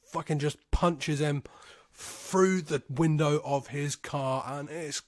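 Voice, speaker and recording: Slow-talking, swearing podcast host. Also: male voice, a little high, steady tone, no echo, clean studio sound. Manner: profane and gleeful, swears constantly; drops into quick acted impressions of characters. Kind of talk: casual solo movie recap.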